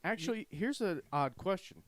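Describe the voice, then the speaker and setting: A man's voice: sits high, lively intonation, moderate pace, dry recording. A man co-hosting a podcast in casual chat, dropping short quips. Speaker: podcast co-host.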